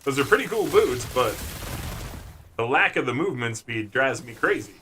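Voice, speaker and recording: While streaming a video game, a man keeps up playful, jokey commentary and talks to himself as he plays. His mid-range voice is bright and forceful with big pitch swings at normal speed, and there's slight background noise.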